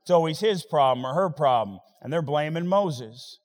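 A man preaching a sermon as pastor, swinging between loud rising exhortation and quiet, wry asides. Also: on the high side, lively intonation, moderate pace. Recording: long hall reverb.

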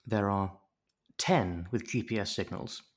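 Here a man speaks unhurriedly in a lowish register. As a podcast co-host going over a TV episode, he chats casually, stays animated and playful, and acts out quotes using different voices.

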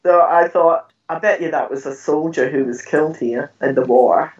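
An older woman telling stories in an interview, animated and laughing often, acting out what she said back then. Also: sits low, moderate pace. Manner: animated storyteller, laughs often, acts out her own past words. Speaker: guest telling ghost stories. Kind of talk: storytelling in an interview. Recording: dull, slightly distant recording.

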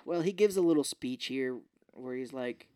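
A man's voice: mid-range voice, moderate pace, mellow, smooth, no echo, clean studio sound. A man co-hosting a podcast, recapping a film in a rambling, jokey way. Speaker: podcast co-host. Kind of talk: casual film recap chat.

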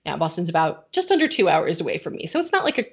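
A woman's voice: on the low side, very animated, quick pace, creaky, breathy edge. A middle-aged woman from Connecticut hosting a podcast, telling a story in casual chat and laughing often. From Connecticut, USA. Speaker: podcast host.

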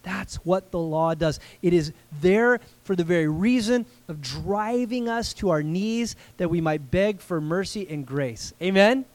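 A man's voice: high-pitched, unhurried, hardly any pauses, dry recording. A man preaching a sermon as pastor, earnest and emphatic, often putting questions to the congregation.

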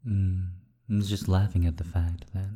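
A man with a very low, dark voice murmurs close and slow, often slipping into a whisper. His tone is husky and unhurried, with rambling, self-deprecating asides. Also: flat delivery. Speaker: erotic audio creator. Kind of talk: intimate spoken audio.

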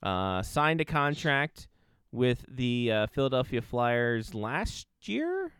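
A man's voice: mid-range voice, sing-song, takes it slowly, a bit bright, clean tone, no room sound, clean studio sound. A man co-hosting a hockey podcast, chatting casually and laid-back with short agreeing replies. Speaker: podcast co-host. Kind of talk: casual chat.

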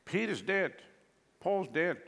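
A man preaching a sermon as pastor, animated, with sweeping pitch jumps and chuckling asides. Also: takes it slowly, vocal fry, in a large hall.

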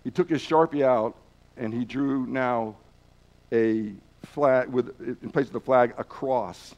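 A man teaching a lesson through a story, with dramatic pauses and restarts. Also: mid-range voice, darkish tone, highs cut off. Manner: repeats words while telling. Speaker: Bible teacher.

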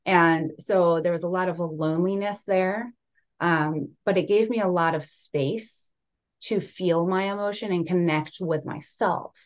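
A woman's voice: on the low side, measured pace, dull audio. A young woman guest speaking candidly and casually, with many fillers like "like" and "right". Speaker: podcast guest. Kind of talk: casual conversational storytelling.

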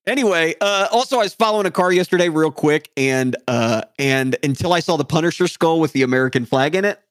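A man's voice: fairly high pitch, dry recording, studio quality. A young man co-hosting a podcast in casual, joking chat. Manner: animated, joking, quick to laugh. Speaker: podcast co-host.

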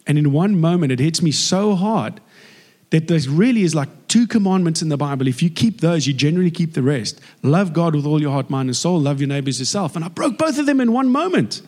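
A man from South Africa with a South African accent, giving a personal faith testimony as a lively storyteller who acts out dialogue. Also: on the high side, fairly quick.

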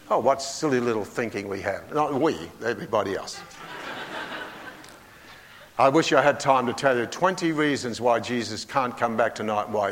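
A man's voice: medium pitch, fairly bright tone, long reverb tail, slight background noise. An older man preaching a sermon in a folksy, humorous way, often putting questions to the congregation.

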